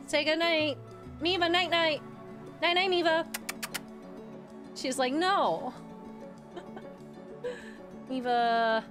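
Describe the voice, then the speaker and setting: A woman streamer chatting casually with her viewers while playing games, excitable and quick to laugh. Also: on the high side. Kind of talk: casual live-stream chat while gaming.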